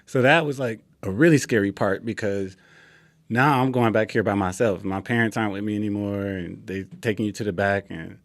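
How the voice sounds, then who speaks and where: Young male guest with a lowish voice and a dry, close sound. He tells a story casually and acts out the quotes. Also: fairly quick, dry recording. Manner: relaxed, acts out quoted dialogue. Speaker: interview guest.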